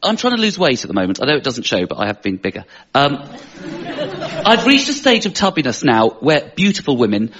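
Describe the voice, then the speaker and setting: A man doing a self-mocking stand-up routine on a panel show, sounding posh, with loud laughter behind him. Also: mid-range voice, huge pitch swings, brisk, crowd noise. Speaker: stand-up comedian. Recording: muffled TV audio with loud audience laughter. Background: loud studio audience.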